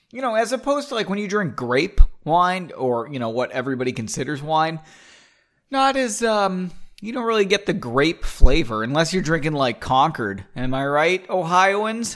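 On a casual show, a man with a slightly high, fairly bright voice reads his own story aloud. He chats along the way, digressing often and laughing frequently.

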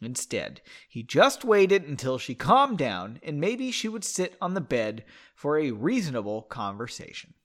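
A man's voice: fairly high pitch, huge pitch swings, measured pace, fairly bright tone. A man casually reading a story aloud, breaking off to joke, swear and find his place. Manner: joking asides, swearing, loses his place. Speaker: amateur reader.

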